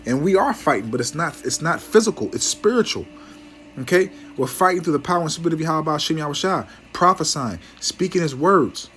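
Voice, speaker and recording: A man preaching a fiery sermon, scolding his listeners, stumbling over words when worked up, and reading scripture slowly. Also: fairly high pitch, expressive. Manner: reads verses slowly and loudly.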